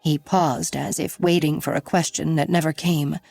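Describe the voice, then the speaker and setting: Woman reading a thriller audiobook, low voice, dry close sound, soft music under. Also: fairly even intonation, moderate pace, creaky, dry recording. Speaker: audiobook narrator. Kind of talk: scripted narration.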